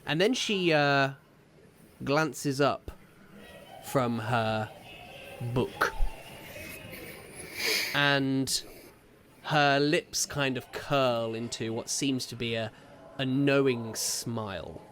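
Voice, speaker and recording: A man's voice: mid-range voice, drawn-out words, pauses often, a bit bright, slight background noise. A man narrating a tabletop game as dungeon master, describing scenes with frequent fillers and hesitations.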